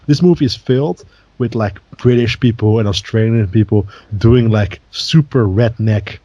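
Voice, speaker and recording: A man's voice: on the low side, moderate pace, lo-fi sound, background noise. A man co-hosting a podcast in casual chat, rambling with many fillers and laughing often. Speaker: podcast co-host.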